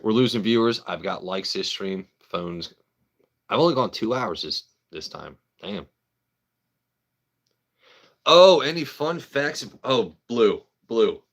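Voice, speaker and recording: A man with a notably low voice chats loosely on a livestream. He rambles from story to story, swears freely and answers viewers by name in a joking, offhand way. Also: creaky, fairly bright tone, breathy edge. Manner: profane, joking, talks to chat by name. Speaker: livestream host. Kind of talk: casual rambling livestream chat.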